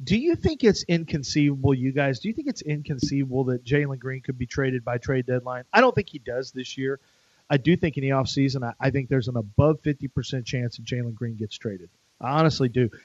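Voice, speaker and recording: A man's voice: medium pitch, a little mellow, no echo. A middle-aged man hosting a sports talk show, rambling, chatty and jokey. His voice sits in an ordinary middle range. The sound is dry and a little dull. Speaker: sports radio host.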